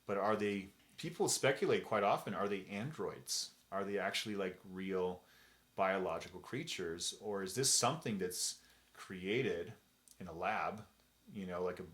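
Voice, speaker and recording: A man's voice: deep voice, measured pace, fairly bright tone. A man co-hosting a casual chat, telling rambling, jokey stories and slipping into voices for anecdotes. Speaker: podcast co-host.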